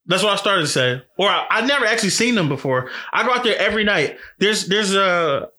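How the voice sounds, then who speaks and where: A man's voice: sits high, brisk. A man telling a story in casual chat, angry and profane, his voice jumping up when he acts out what he said. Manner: animated, voice jumps up for quoted outbursts.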